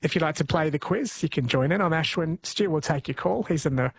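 A man's voice: fairly high pitch, brisk, creaky, husky. A man hosting a call-in radio quiz, friendly and chatty, laughing easily.

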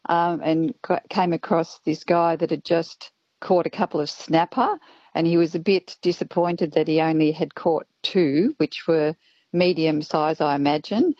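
A woman's voice: low-pitched, unhurried, no echo. Chatty woman calling in over a dull line. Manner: chatty, animated storyteller. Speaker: caller. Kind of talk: phone-in storytelling.

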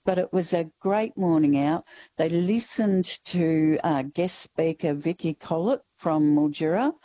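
A woman, a regional newspaper reporter, chatting relaxed on a radio interview with plenty of fillers. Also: low voice, unhurried, dry recording, rough recording. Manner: relaxed, rambling, uses fillers.

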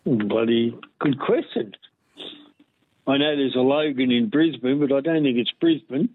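A man's voice: mid-range voice, lively intonation, unhurried, a little hiss or hum. A man calling in to a radio quiz, casual and unsure as he guesses. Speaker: caller. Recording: tinny phone line.

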